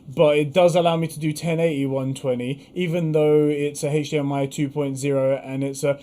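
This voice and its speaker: A man co-hosting a casual livestream, excitable and quick to swear. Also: fairly high pitch. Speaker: co-host.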